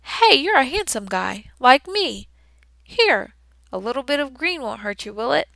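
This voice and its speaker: A loud, hearty janitor with a big friendly voice, as a woman reading a storybook puts him on. He talks in a chatty way, and there is a gravelly edge to the higher voice. The sound is dry and close. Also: big pitch swings, measured pace, no echo, full character voice. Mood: jolly. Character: jovial booming male night janitor, friendly.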